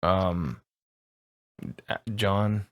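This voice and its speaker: Dm guy narrating slow n loose, lots of ums and likes. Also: low-pitched. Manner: casual, rambling, many fillers. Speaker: game master. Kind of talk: narrating a tabletop game.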